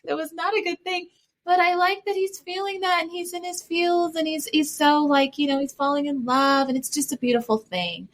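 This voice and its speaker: A woman with a high voice muses on a podcast and searches for words as she goes. She pauses and restarts often. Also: a bit bright. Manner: hesitant, many fillers and restarts. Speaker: podcast co-host. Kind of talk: casual chat.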